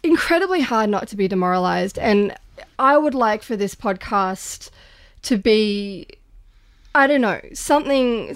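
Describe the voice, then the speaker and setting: A woman's voice: medium pitch, clear, resonant tone, no room sound. Earnest woman podcast co-host. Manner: earnest, thoughtful, with frequent restarts. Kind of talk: casual podcast discussion.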